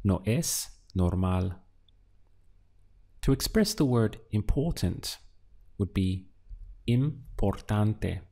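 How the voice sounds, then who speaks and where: A man teaching a beginner language lesson, drilling words syllable by syllable with patient pauses. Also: on the low side, expressive, dark tone, husky. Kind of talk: slow, deliberate language lesson.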